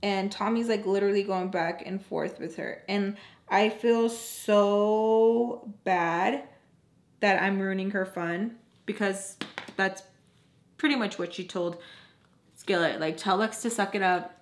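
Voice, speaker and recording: A young woman in her twenties telling a casual storytime vlog at home, animated, filling every phrase with "like" and acting out what people said. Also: mid-range voice, takes it slowly. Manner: animated, fillers "like" constantly, acts out quoted lines. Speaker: vlogger.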